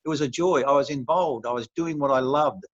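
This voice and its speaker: A man's voice: mid-range voice, brisk, dry recording. Older man, Australian accent, rambling storyteller, dry close sound, muffled lo-fi recording. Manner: rambling, chuckling, many restarts. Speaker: retired referee, interview guest. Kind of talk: relaxed storytelling in an interview.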